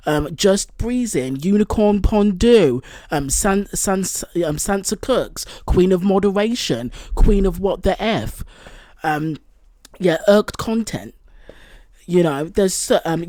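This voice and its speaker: A woman's voice: mid-range voice, dark tone, no room sound, clean studio sound. A woman hosting a reaction channel, talking casually with lots of fillers and exasperated asides. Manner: exasperated, rambling with many fillers. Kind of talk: casual commentary.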